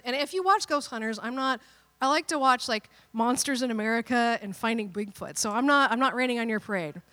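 Woman preacher with a fairly high voice, playful and lively, acting out quotes. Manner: animated, playful, acts out quotes. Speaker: pastor. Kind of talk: sermon.

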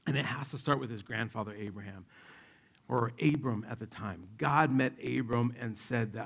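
A man in his forties preaching a sermon, telling stories in an animated, joking way and acting out the quotes. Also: mid-range voice, normal speed, creaky, husky. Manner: animated, jokey, acts out quotes. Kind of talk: sermon with personal storytelling.

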